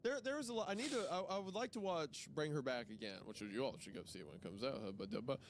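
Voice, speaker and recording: A male host with a lively, up-and-down voice leads a relaxed comedic chat. He laughs often and keeps steering the talk. There is faint noise behind him. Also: on the high side, fast talker. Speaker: streamer host.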